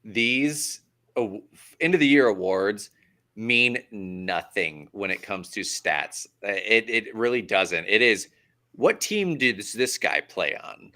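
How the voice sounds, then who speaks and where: Bright, wry male podcast co-host. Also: lowish voice, lively intonation, takes it slowly. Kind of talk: casual sports chat.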